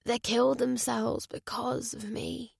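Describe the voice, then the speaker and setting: A woman reading a fragile young amnesiac hospital patient in an audiobook, with a soft, hushed voice. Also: fairly high pitch, flat delivery, a little slow, vocal fry, slightly rough, no echo, clean studio sound, full character voice. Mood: distressed.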